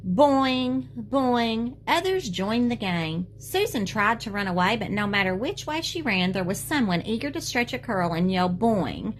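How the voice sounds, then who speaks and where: Teacher, woman, reads children's book to class, gentle, animated, light hiss behind. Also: medium pitch, normal speed, hardly any pauses. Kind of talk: reading a children's book aloud.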